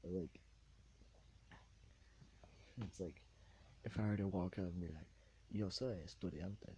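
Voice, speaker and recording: Man, very deep voice, mellow dark tone, rambling casual podcast chat, lots of fillers, recorded on a tablet. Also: steady tone, a little slow, a little hiss or hum, low-quality recording. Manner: rambling, laid-back, full of fillers. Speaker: podcast host.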